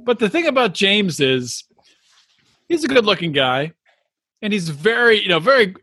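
A man's voice: high voice, very animated, moderate pace, sharp tone, slightly rough, no echo. A man co-hosting a casual podcast, making wry, joking comments. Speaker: podcast co-host.

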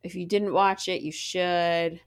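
A woman's voice: fairly even intonation, a little slow, clean tone, dry recording, studio quality. A woman in her thirties co-hosting a podcast, teasing and laughing in casual chat. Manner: teasing, laughing, swings her pitch a lot. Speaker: podcast co-host.

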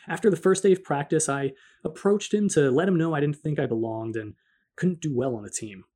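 A man's voice: fairly high pitch, dark tone, slightly rough. A man telling a personal faith story as scripted memoir narration, in an earnest, reflective tone with rhetorical questions to the listener.

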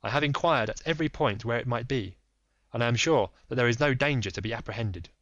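A man voicing a calm, shrewd detective. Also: mid-range voice, quick pace, dry recording, lightly acted. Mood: composed. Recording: dull dry recording.

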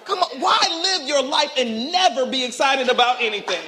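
A male pastor preaching a sermon with animated call-and-response, acting out quotes, recorded in a church. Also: very high voice, fairly quick. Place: church sanctuary.

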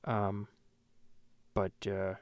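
A man's voice: fairly low pitch, completely flat delivery, very slow, gravelly, dry recording. A man hosting a comedy podcast, ranting and swearing in a rambling way with many restarts. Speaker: podcast host. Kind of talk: profane comedic rant. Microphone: podcast microphone.

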